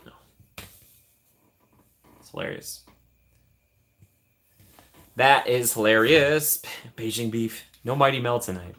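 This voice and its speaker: A man's voice: medium pitch, sing-song, takes it slowly, long pauses, bright, forceful tone. A man hosting a casual live stream, joking around and thanking his chat. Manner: jokey, thanks chat often, trails off into asides.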